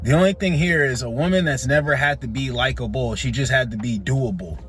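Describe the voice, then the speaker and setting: A man's voice: medium pitch, a little fast, fairly bright tone, soft background music. A man giving blunt, preachy reaction commentary who repeats his points for emphasis.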